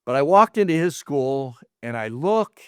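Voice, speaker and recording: Speaking a little high with big pitch swings and a measured pace, this middle-aged American martial arts instructor casually tells anecdotes and acts out quoted dialogue. His tone is fairly bright and clean, recorded dry in clean studio sound.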